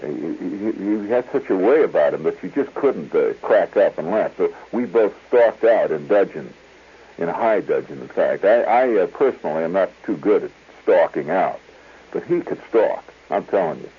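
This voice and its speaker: Heard through tinny 1970s radio, this host has a deep voice with a breathy edge, lively intonation, and a normal speaking speed. He spins a digressive, chuckling yarn in a rambling storytelling style.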